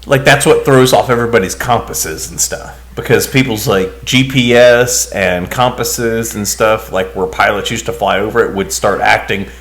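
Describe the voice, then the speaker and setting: A man's voice: on the low side, normal speed, few pauses, a bit bright. A man co-hosting a podcast in casual chat, rambling and hesitant, restarting his sentences often. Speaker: podcast co-host.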